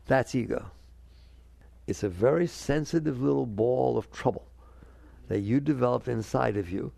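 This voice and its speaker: A man giving a spiritual talk to an audience. He is animated, keeps asking his listeners questions, and acts out the inner voices he quotes. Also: mid-range voice, moderate pace, creaky, dry recording. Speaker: spiritual teacher.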